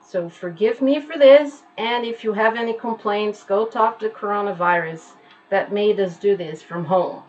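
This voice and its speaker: A woman's voice: medium pitch, normal speed, darkish tone, dull audio. A woman teaching English pronunciation online from home, patiently repeating each word to demonstrate its sound.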